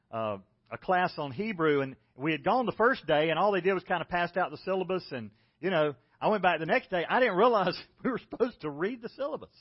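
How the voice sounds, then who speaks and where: A South Carolina pastor with a Southern drawl delivers a folksy, self-deprecating sermon. His voice sits high for a man. The recording sounds dull and lo-fi. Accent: Southern American. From South Carolina, United States.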